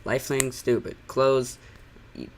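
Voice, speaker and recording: A man's voice: medium pitch, steady tone, takes it slowly, a little hiss or hum. A man giving sarcastic reaction commentary, rambling and leaning on the word "like" as he pokes holes in what he watches. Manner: sarcastic, rambling, heavy use of "like". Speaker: channel critic.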